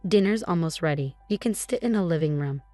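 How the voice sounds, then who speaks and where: A woman's voice: on the low side, lively intonation, fairly quick, dark tone, dry recording, faint music behind, lightly acted. A woman voicing a flustered, anxious young wife who talks hesitantly and nervously.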